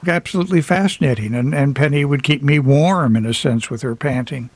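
A man's voice: mid-range voice, fairly quick, slightly rough. A man speaks as an author guest on a radio interview. He tells personal stories in a reflective way with touches of humor. His voice sits in a middle register and sounds dry and close, with no room echo. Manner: reflective, anecdotal, light humor with laughs. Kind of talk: radio interview, casual storytelling.

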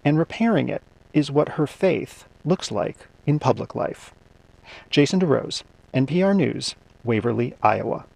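A man reading a scripted radio news report in a measured, even delivery. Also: medium pitch, creaky, a little hiss or hum.

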